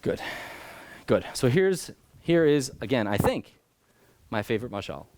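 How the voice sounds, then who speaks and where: Animated man telling a teaching story. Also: medium pitch, unhurried, slight background noise. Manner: animated, acts out voices and jumps between loud and hushed. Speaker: rabbi teaching an adult class. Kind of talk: lively storytelling lecture.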